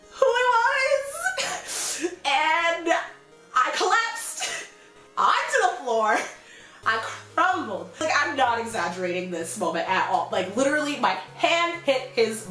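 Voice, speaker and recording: A young woman vlogger telling a story casually and animatedly, acting out quotes in high squeals. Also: a bit bright. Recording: echoey room.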